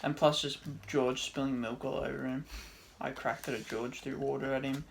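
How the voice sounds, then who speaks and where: A man co-hosting a casual podcast, telling laid-back stories with loud quoted outbursts. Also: medium pitch, fairly even intonation, moderate pace, gravelly, slight background noise. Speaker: podcast co-host. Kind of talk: casual chat.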